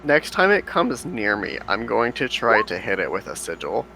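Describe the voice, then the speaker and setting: A man's voice: fairly low pitch, big pitch swings, normal speed, vocal fry, sharp tone, a little hiss or hum, low-quality recording. A man playing a tabletop role-playing game, describing his moves casually. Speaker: player.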